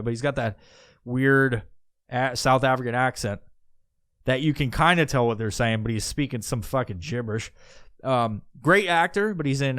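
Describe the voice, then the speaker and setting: A man thinking out loud in a loose, wandering podcast monologue, swearing freely and stopping to restart his sentences. His voice is smooth and resonant. The sound is close and dry, with no room around it. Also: medium pitch, dry recording. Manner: meandering, profane, musing aloud with many restarts. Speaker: podcast host. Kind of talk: casual rambling monologue.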